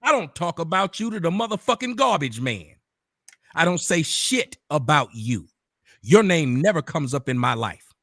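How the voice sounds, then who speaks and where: Man, confrontational profane ranter, wide swooping pitch, breaks into shouts. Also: sing-song, normal speed, dry recording, studio quality. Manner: bursts into shouting. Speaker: online commentator. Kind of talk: angry direct-address rant.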